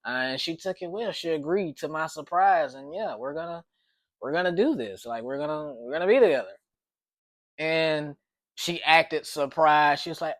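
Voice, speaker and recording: A man's voice: a little high, expressive, a little slow, a bit bright, no echo. A man telling a personal story in a casual, rambling way, with frequent restarts and repeated words.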